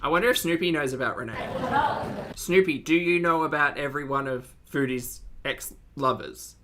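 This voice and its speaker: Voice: mid-range voice, normal speed, sharp tone. A reaction commentator with an Australian accent, talking casually with teasing, giggly asides.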